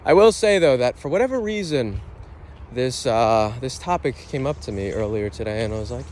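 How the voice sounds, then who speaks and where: Man vlogger, mid pitch, rambling and playful, recorded outside with faint traffic. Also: lively intonation, moderate pace, a little mellow. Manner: rambling, playful, self-questioning. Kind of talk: casual reflective monologue. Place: outdoors near a lake.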